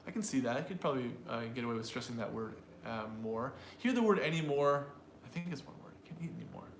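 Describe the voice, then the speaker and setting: A man's voice: mid-range voice, lively intonation, fast. Male pronunciation coach, conversational, talks to learners, echoey room with faint noise. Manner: thinks aloud with fillers and restarts, addresses learners directly. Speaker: pronunciation teacher. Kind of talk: casual teaching chat.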